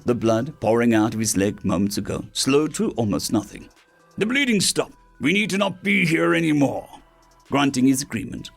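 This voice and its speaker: A man narrating science fiction stories as an audiobook reader, animated and putting on voices for the characters. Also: medium pitch, creaky. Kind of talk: scripted narration of sci-fi stories.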